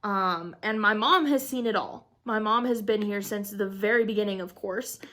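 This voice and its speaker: Chatting on her crafting vlog, a twenty-something woman sounds excited and emphatic, her medium-pitched, fairly bright voice at a normal pace. She laughs often and curses now and then.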